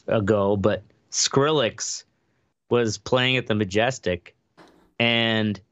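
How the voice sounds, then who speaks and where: A man's voice: mid-range voice, a bit bright, no room sound. Rambling man telling a story, lo-fi. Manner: rambling storyteller, halting with many fillers. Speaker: podcast co-host. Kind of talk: casual chat.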